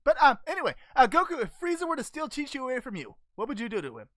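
A woman voices a cheerful, naive male alien martial-arts hero, answering fan questions in character as the channel host. She is goofy and easily distracted, full of hesitant ums, her high voice swinging widely in pitch at a quick pace. The tone is a bit bright, recorded dry with clean studio sound.

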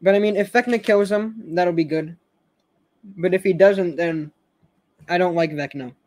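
A high-pitched young man chatting casually on a fan stream. He rambles, trips over his words and restarts sentences, laughing now and then as he goes. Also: moderate pace, a little mellow. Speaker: show fan host.

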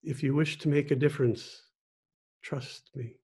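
A man voicing a female bamboo tree in a parable, speaking softly and insistently. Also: on the high side, steady tone, a little slow, husky. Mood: gentle.

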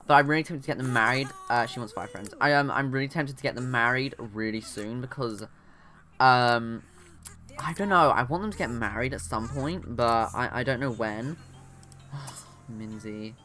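Young adult, let's-play commentator; chatty, self-interrupting, addresses the game's characters, average pitch. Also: moderate pace, sharp tone. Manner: chatty, rambling, talks to game characters, often trails off. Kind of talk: casual gameplay commentary.

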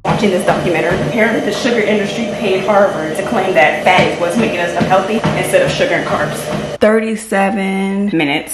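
A young woman talking casually through her home workout routine, keeping her voice hushed in the early morning. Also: deep voice, a little hiss or hum, poor audio. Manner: hushed and soft, trying not to wake others. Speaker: fitness vlogger. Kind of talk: casual vlog narration.

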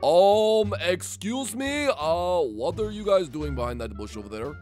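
A man's voice: sits high, sing-song, measured pace, a little mellow, soft background music. A man voicing a goofy, easygoing echidna police officer in a cartoon.

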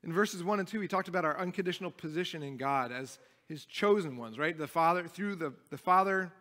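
Preaching a little fast in a bright, forceful voice on the high side, a young adult pastor leads a sermon in a church sanctuary. He is earnest and emphatic, often beginning phrases again, with the hall's long reverb around him.

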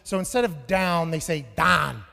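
A man in his thirties doing a stand-up comedy set, telling stories loudly with profane, shouted bursts. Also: high-pitched, normal speed, faint music behind. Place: large venue on stage. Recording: live hall with long reverb.

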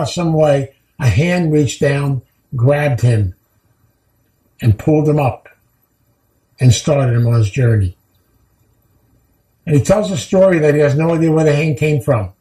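A man's voice: a little high, mellow, roomy sound, low-quality recording. Earnest man telling a recovery story. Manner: earnest storytelling, repeats key phrases. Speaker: recovery speaker. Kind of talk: heartfelt recovery talk.

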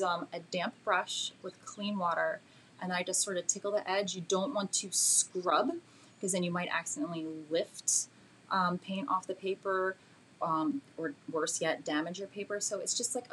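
A woman teaching a live painting demo and answering viewers' questions, chatty and self-deprecating, with many fillers, talking gently while she works. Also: fairly low pitch, steady tone, normal speed, slight background noise. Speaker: art instructor.

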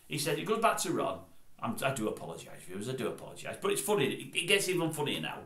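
A man's voice: mid-range voice, sing-song, quick pace, fairly bright tone, echoey room. An older man gives a casual, rambling, self-correcting recap of a TV show. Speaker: online commentator.

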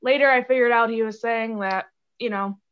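A woman's voice: on the high side, steady tone, a little fast, clean tone. Chatty giggly young woman, muffled audio. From Chicago. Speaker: podcast guest. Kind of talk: casual interview chat.

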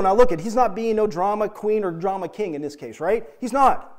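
Male pastor, middle-aged, high voice, earnest emphatic sermon delivery. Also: fairly quick. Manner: earnest, emphatic preaching with direct questions to the congregation.

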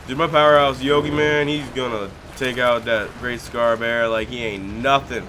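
A young man giving let's play commentary on a game, excitable and pleading loudly with his in-game pet bear. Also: medium pitch, moderate pace, few pauses, a little hiss or hum. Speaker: gaming YouTuber.

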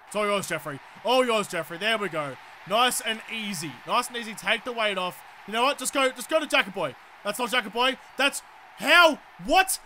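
An Australian man narrates his football video game in a very high, bright and sharp voice. He fumes and curses at his players, then slips into mock-polite sarcasm. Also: animated, fairly quick, a little hiss or hum. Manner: exasperated, swearing rants at the game. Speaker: gaming YouTuber. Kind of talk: let's play commentary.

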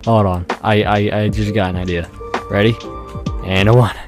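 A man's voice: on the low side, steady tone, normal speed, music in the background. A young man playing a horror game, jumpy and nervous, swearing often and laughing at his own scares. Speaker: gamer.

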